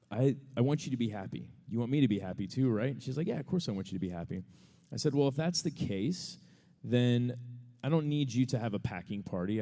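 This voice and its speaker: A man's voice: mid-range voice, dark tone. Casual man telling a story in a reverberant hall. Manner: casual, rambling, self-deprecating, laughing often. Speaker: podcast co-host answering audience questions. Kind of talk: live storytelling answer on stage. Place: large venue before a live audience.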